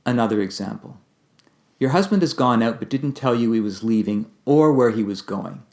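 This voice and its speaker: A man giving a calm, measured instructional talk on communication, explaining ideas step by step. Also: mid-range voice. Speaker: communication teacher.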